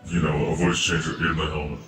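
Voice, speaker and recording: A man's voice: very deep voice, level tone, quick pace, fairly bright tone. A man streaming a game live through a voice changer, chatting casually to his viewers. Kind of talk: live gameplay stream commentary. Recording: echoey room, far from mic, game music.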